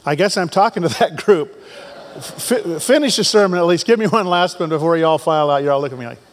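Man preaching in a church, reads scripture loud and fervent, cracks jokes at the crowd. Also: fairly high pitch, fast. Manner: animated preaching, reads scripture with rising fervor; joking asides to the congregation. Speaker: pastor. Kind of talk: sermon. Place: church sanctuary.

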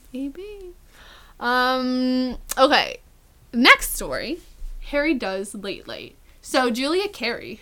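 Young woman, podcast co-host, bright tone, casual filler-heavy chat. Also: sits high. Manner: chatty, filler-heavy, lots of "like".

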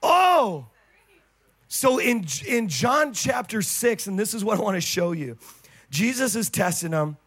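A man with a notably high voice delivers a sermon as a pastor. He is fervent and bursts into shouts on his biggest claims, then slips into quick, conversational asides. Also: animated, slightly rough. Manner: fervent, swings between loud exclamations and quick asides.

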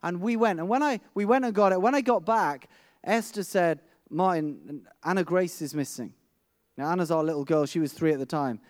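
A man's voice: sits high, a little fast, dry recording, clean studio sound. A middle-aged man preaching a sermon, telling a vivid personal story with frequent restarts.

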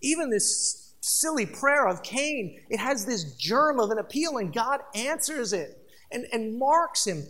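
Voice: mid-range voice, big pitch swings, measured pace, a bit bright. A pastor preaching a sermon, emphatic and conversational, talking straight to the congregation and repeating phrases for stress. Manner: addresses the congregation directly.

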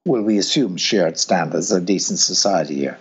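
A man with a husky voice explains ideas in a lively, swooping way, his pitch rising high when he acts out urging someone on. The recording sounds dull and lo-fi. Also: moderate pace. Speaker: guest philosopher. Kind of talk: explanatory conversation.

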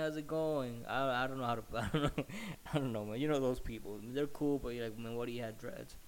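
A man's voice: mid-range voice, slight background noise. A man telling a story in a heated, profane, rambling rant while slightly sick.

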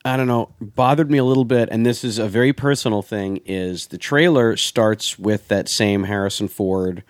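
A man in his thirties hosting a casual film podcast, telling stories in an animated way and swearing freely. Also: on the low side, moderate pace, dry recording, clean studio sound. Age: 30s. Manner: animated, profane storyteller. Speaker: podcast host.

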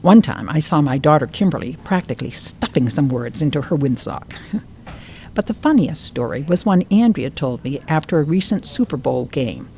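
Low-voiced woman author reading aloud. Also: fairly quick, gravelly, few pauses, slight background noise. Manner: expressive reading with lively quoted voices. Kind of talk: reading from her book, then interview chat. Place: bookstore.

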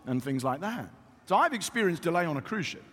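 A man preaching a sermon to a congregation, telling stories with animated asides. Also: a little high, fairly quick, slightly rough. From Britain. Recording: long reverb in a hall.

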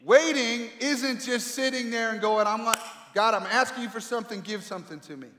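A man preaching a sermon with emphatic delivery and dramatic pauses, swinging between loud calls and quiet asides. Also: very high-pitched, slight background noise. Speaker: pastor. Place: large echoey hall. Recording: echoey hall with long reverb.

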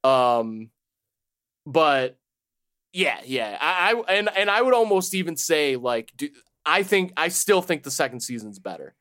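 A man's voice: fairly high pitch, big pitch swings, unhurried, a bit bright, smooth. A man co-hosting a podcast, rambling casually with lots of fillers and restarts. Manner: rambling, hesitant with many fillers, laughs often. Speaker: podcast co-host. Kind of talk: casual chat.

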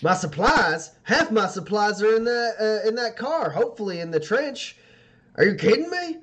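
A grumpy, tight-fisted shopkeeper, played by a man in a tabletop game. He bristles and complains loudly in a raised, strained pitch, and he hates giving anything away. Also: very animated, moderate pace, husky, exaggerated voice. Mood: indignant. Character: grumpy, stingy male shopkeeper.

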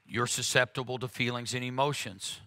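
A man's voice: medium pitch, fairly even intonation, normal speed, pushed and bright, slight background noise. A man preaching a conversational sermon, talking earnestly and frankly, with frequent "uh"s and restarts.

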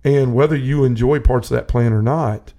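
Speaking at normal speed in a warm, mid-range voice, a man gives a personal testimony of faith on his podcast. He talks casually and earnestly, rambling and restarting often.

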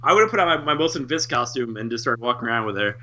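Man, very bright tense voice, rambling casual chat, lots of restarts. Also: mid-range voice, lively intonation, fast talker, muffled recording. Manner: rambling, heavy on filler words and restarts.

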